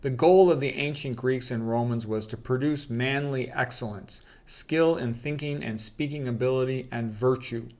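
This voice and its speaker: A man's voice: medium pitch, normal speed, few pauses, darkish tone. A man in a casual talk, reading out quotes and adding opinionated asides, with frequent "okay" and "you know". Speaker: channel host.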